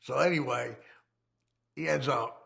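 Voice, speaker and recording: Gravelly man telling a profane story. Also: mid-range voice, unhurried, fairly bright tone. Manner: profane, rambling, laughing often. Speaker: interviewee recounting his criminal past. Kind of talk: casual storytelling.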